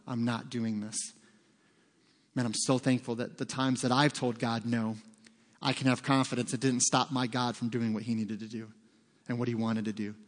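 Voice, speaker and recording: A man preaching a sermon as pastor, talking conversationally with joking asides. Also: mid-range voice. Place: church sanctuary. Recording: long reverb of a large hall.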